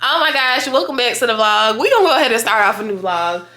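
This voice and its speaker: A young woman, chatting loudly and profanely to her viewers in a casual vlog. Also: a little high, fast talker. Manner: profane, loud and excitable, talks to viewers as y'all. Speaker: vlogger.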